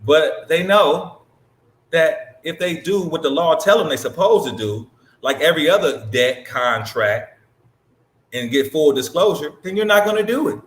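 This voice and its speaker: A man's voice: a little high, expressive, measured pace, roomy sound. A man hosting and commenting on a clip in a blunt, emphatic, profane way. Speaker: host reacting to a clip. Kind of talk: casual commentary.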